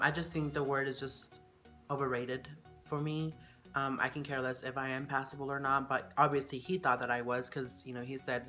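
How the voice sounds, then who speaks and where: A woman's voice: low-pitched, fairly bright tone. A young woman telling a personal story in a casual, frank way, full of "you know" and "like".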